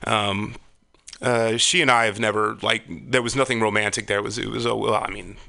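A middle-aged man with a gravelly, low voice and a bright, sharp edge. He tells loose, rambling stories in relaxed chat and swears freely along the way. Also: a little fast. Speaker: podcast guest. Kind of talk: casual chat.

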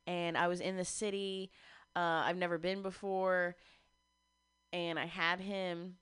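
A woman's voice: on the low side, level tone, measured pace, fairly bright tone, clear, resonant tone, dry recording. A woman telling a long, rambling story on a radio show, laughing often as she goes. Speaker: radio guest. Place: radio studio.

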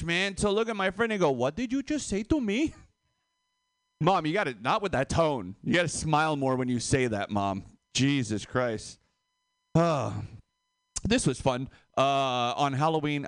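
A man doing a stand-up comedy set, animated and laughing at his own jokes. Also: mid-range voice, smooth, dry recording, clean studio sound.

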